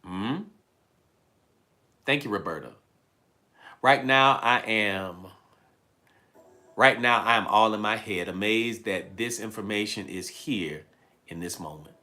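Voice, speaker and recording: A man's voice: on the low side, slow, long pauses, pushed and bright. A man coaching a livestream audience, emphatic, repeating lines and thanking viewers by name. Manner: emphatic, repeats phrases, reads viewer comments aloud. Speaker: life coach. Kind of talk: livestream motivational talk. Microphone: handheld mic.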